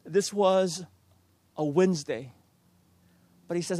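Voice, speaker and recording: A man's voice: high-pitched, unhurried, pauses often. A middle-aged man preaching a storytelling sermon, earnest and self-deprecating as he urges listeners on.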